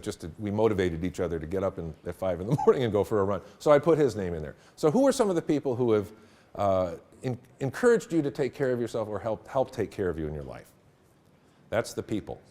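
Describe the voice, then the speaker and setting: A man's voice: on the low side, darkish tone. Middle-aged guy running a teacher workshop, voice swings up and down a lot, chatty storyteller who laughs at his own jokes. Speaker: teacher trainer. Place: room with a live audience.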